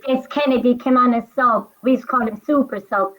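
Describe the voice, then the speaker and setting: Chatty woman with a slightly high voice. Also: fairly quick, dull audio. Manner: chatty, reminiscing, tails off with you know. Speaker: panelist. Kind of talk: casual sports chat.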